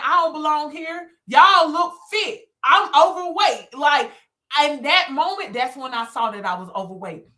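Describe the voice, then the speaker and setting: High, bright-voiced woman giving emphatic testimony. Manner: emphatic, repeats phrases, addresses listeners as y'all. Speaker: business coach and speaker. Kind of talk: motivational testimony to viewers.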